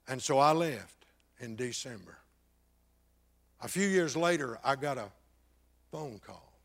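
Older preacher, loud-to-hushed storytelling. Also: male voice, mid-range voice, expressive, measured pace, gravelly. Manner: dramatic swings from loud to hushed. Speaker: pastor. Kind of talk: personal testimony storytelling.

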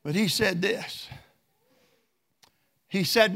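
A man's voice: sits high, lively intonation, a little slow, pauses often, sharp tone. A man preaching a sermon in a fervent, emphatic way.

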